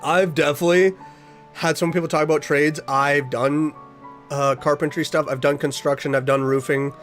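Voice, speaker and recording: A man's voice: fairly high pitch, steady tone, normal speed, fairly bright tone, soft background music. A young man streaming a casual chat with his viewers, earnest and rambling as he reads their messages aloud.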